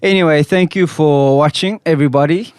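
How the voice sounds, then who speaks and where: A man's voice: on the high side, brisk, clear, resonant tone, dry recording, studio quality. A man from South Africa co-hosting a casual podcast, telling stories and laughing often. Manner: storytelling, laughing often, says bro a lot. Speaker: podcast co-host. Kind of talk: casual chat. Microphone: studio mic.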